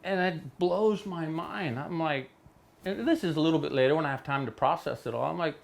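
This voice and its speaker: Middle-aged guy from hawaii spinning a story in a studio, slightly high voice, super animated. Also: a little fast, gravelly. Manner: animated, acts out quotes with big pitch jumps. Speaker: interview guest. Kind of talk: storytelling in a casual interview.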